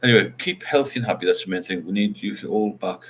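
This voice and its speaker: A middle-aged man hosts a casual livestream chat, rambling as he reads out viewer comments. His lowish voice moves at a quick pace, with a little hiss or hum in the background.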